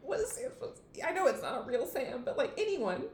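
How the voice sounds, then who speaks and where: A woman's voice: sits high, very animated, quick pace, darkish tone. A young woman co-hosting a casual chat about a TV episode, retelling scenes in quoted voices and laughing often. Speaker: podcast co-host. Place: room in a family house. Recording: echoey room, faint background noise.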